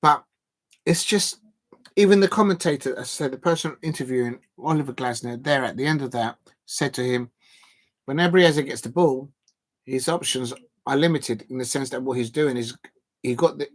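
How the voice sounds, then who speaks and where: A man hosting a live football watch-along, ranting in an animated, exasperated way and often restarting his sentences. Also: mid-range voice. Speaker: football fan live-stream host. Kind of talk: casual watch-along commentary.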